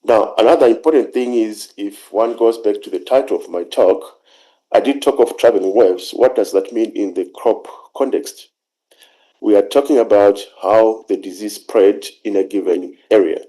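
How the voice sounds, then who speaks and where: A man presenting an academic talk over a video call, speaking in a measured, halting way with frequent pauses and fillers. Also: lowish voice, mellow, poor audio. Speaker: conference speaker.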